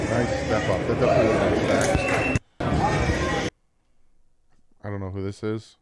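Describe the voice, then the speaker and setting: A man with a New Jersey accent casually breaking down football practice clips as a channel host, explaining plays with excitement. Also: on the low side, normal speed, pauses often, a faint crowd. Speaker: sports commentator.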